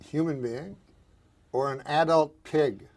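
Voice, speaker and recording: A man in his forties trades jokes as a talk show guest. His delivery is deadpan and halting. His voice sits a little high. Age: 40s.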